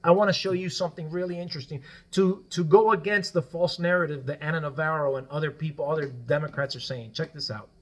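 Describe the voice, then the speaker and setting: A man with a notably high voice talks through his points as a guest on a casual podcast. His first language is Spanish. He explains at length and tags his points with "right?". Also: fairly even intonation, fast talker, hardly any pauses. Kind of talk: casual political podcast discussion.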